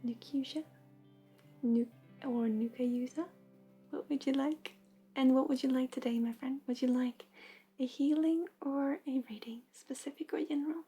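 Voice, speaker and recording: A woman hosting a livestream of intuitive readings and healing, speaking softly and gently, often half in a whisper. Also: high-pitched, steady tone, normal speed, soft background music. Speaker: intuitive reader and healer.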